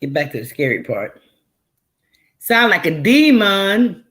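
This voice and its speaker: A woman's voice: fairly low pitch, big pitch swings, slow pace, a bit bright, rough recording. A woman hosting a reaction video, making sarcastic, mocking comments on clips. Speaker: commentary host.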